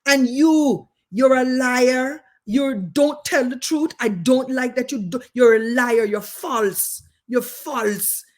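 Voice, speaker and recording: A woman voicing a stern older female schoolteacher with a put-on Caribbean accent, scolding loudly in clipped phrases. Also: high voice, slow pace, hardly any pauses, voice pushed up. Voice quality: loud, clipped, exaggerated scolding.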